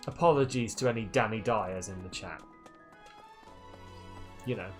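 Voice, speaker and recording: A man's voice: fairly low pitch, moderate pace. Brief: male streamer, casual, joking commentary, faint game music behind. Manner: joking, reads game text aloud.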